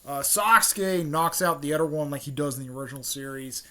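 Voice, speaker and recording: A man's voice: a little high, fairly quick, sharp tone. A man retelling a story in a casual, rambling way, full of fillers, restarts and offhand swearing. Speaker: fan channel host.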